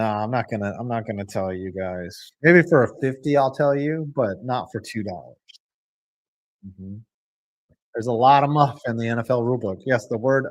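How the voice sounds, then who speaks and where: A man streaming a live football reaction, excitable and rambling, swinging from loud outbursts to low mutters. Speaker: sports streamer.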